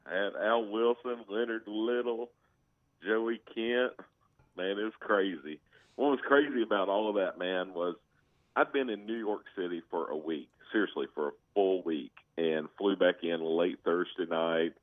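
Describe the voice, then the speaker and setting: Deep-voiced man on a tinny phone line. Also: measured pace, no room sound. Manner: storytelling, animated, laughing. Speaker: caller, fan. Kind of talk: casual chat.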